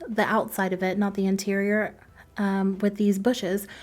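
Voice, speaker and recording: A woman in a relaxed voice-over, talking through her build in a chatty, rambling way. She pokes fun at herself and laughs often between thoughts. Her voice sits at a middling pitch, recorded close on a home desk mic. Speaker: game build video creator. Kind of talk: casual voice-over commentary.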